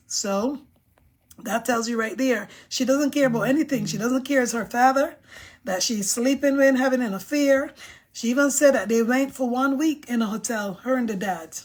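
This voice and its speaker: A woman hosting a casual live stream, reading viewer comments aloud and giving her emphatic, outspoken opinions. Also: a little high.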